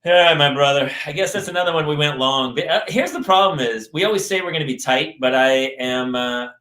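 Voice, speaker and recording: A man's voice: on the high side, fairly quick, pushed and bright. A man hosting a podcast in casual chat, joking with his guests and wrapping up the show. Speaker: podcast host. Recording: roomy echo.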